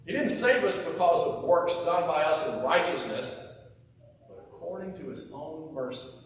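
A man preaching a sermon in an earnest, conversational way, often sinking to a soft hush at the ends of phrases. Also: a little high, slight background noise. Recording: echoey hall, mic from far off.

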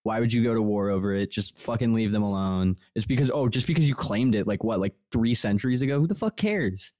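A man's voice: on the low side, animated, brisk, dark tone. A man co-hosting a podcast who rants casually, swearing constantly and padding his speech with "like". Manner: profane, ranting, full of filler words. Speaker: podcast co-host. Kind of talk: casual chat.

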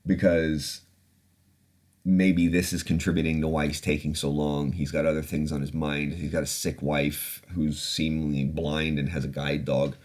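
A man's voice: a bass voice, flat delivery, moderate pace, a little mellow. A man hosting a podcast, telling a personal story in a candid, profane, reflective way. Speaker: podcast host. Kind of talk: casual storytelling.

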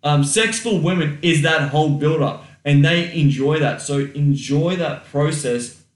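A man's voice: on the high side, measured pace, far from the mic. A man co-hosting a podcast, giving casual advice with blunt, swear-heavy talk and acted-out inner thoughts. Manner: blunt, swears freely, acts out quoted thoughts. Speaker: podcast co-host. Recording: roomy echo, a little off mic.

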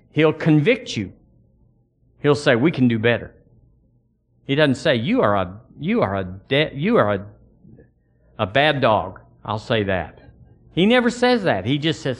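A man's voice: medium pitch, fairly bright tone. Folksy preacher man. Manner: folksy, emphatic, calls for congregation response. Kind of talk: sermon.

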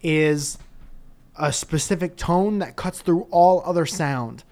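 Profane, joking podcast host. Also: male voice, fairly high pitch, slow. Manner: animated storytelling, profane and jokey. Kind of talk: casual chat.

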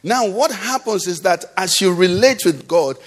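High-voiced preacher, impassioned. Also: male voice, animated, normal speed. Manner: impassioned preaching, swinging from loud cries to low murmurs. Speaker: pastor. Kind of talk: sermon.

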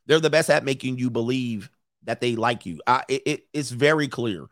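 A man's voice: mid-range voice, normal speed, no echo, clean studio sound. Blunt, swearing man commenting live. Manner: blunt, profane, animated, with mocking asides. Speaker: commentary host. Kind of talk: live commentary reading messages to an audience. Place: venue with a live audience in the room.

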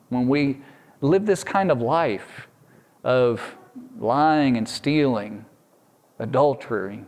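A man preaching a sermon as a pastor, earnest and direct, often repeating a word as he restarts a phrase. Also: medium pitch.

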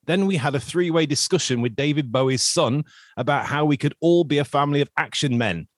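A man's voice: a little high, a little fast, no room sound, clean studio sound. A man hosting a casual podcast, chatting in a jokey, self-mocking way as he introduces his guests. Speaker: podcast host.

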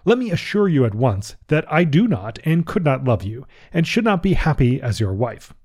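A man's voice: on the high side, big pitch swings, normal speed, darkish tone. A man reading the lines of a young archduchess who firmly turns down a suitor, in his own plain voice. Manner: dry, firm. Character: cool, firm young female archduchess refusing a suitor.

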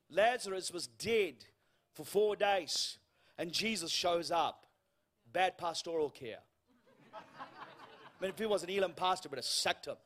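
High-voiced man preaching a humorous sermon. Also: a little hiss or hum. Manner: storytelling with humour, acting out dialogue, dropping to a hush for quoted lines. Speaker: guest preacher. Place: church.

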